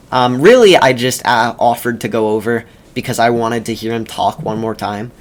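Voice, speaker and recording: A young man talks casually while he plays a game, drifting between commentary and a story. His pitch sits in an ordinary middle range, and his delivery is loose and wry. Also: normal speed, hardly any pauses. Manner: rambling and wry, many ums and self-corrections. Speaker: video creator.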